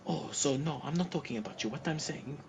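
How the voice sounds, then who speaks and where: A man's voice: on the high side, animated, a little fast, vocal fry, voice pushed up. A man putting on the voice of a defensive male bathhouse attendant who makes excuses. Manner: protesting, excuse-making. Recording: noisy livestream audio.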